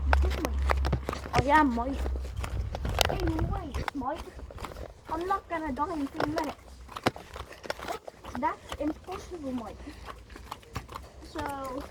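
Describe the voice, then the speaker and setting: A woman playing a boastful Australian explorer man. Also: extremely high pitch. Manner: says "mate" constantly, stumbling restarts, boastful. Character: brash bumbling Australian male nature explorer. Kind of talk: comic mock nature show hosting. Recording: loud background noise.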